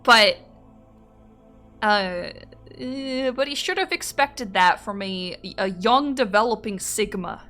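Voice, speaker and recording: A woman streamer reading out viewer confessions and reacting in an animated way, often breaking into laughter and swearing freely. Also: medium pitch, takes it slowly, soft background music. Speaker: streamer host.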